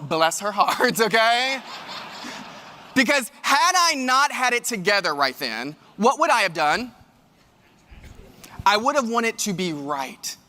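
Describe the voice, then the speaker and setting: Male keynote speaker, high bright voice, animated storyteller, big hall reverb. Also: takes it slowly, long pauses, slight background noise. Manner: animated, addresses the audience directly. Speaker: keynote speaker and leadership coach. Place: large event hall.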